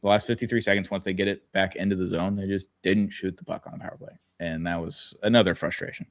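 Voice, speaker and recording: A man's voice: deep voice, steady tone, fast talker. A young man co-hosting a sports podcast, rambling and joking with casual swearing. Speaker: podcast co-host.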